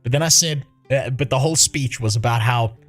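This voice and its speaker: Brisk and mid-range, his voice comes over soft background music. He's a man in his thirties from South Africa, livestreaming a casual, profane chat and laughing often throughout.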